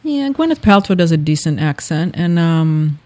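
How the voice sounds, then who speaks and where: Woman podcast co-host; hyper, gushing, rambling delivery with a very animated voice. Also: deep voice, normal speed. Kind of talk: casual chat.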